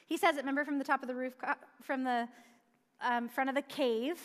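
A woman's voice: high voice, fairly even intonation, brisk, fairly bright tone. A woman preaching a sermon in a conversational way, asking rhetorical questions and dropping light asides. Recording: long hall reverb.

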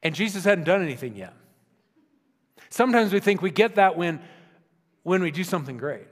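A man preaching a sermon in a conversational style, often dropping to soft, intimate tones. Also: sits high, expressive, normal speed. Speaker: pastor. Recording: long reverb of a large hall.

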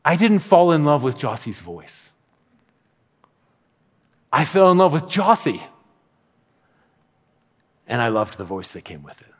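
A man's voice: fairly high pitch, measured pace, long pauses. Man preaching animatedly in a reverberant hall. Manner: animated storytelling with acted-out asides. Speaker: pastor. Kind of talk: sermon. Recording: long reverb of a large hall.

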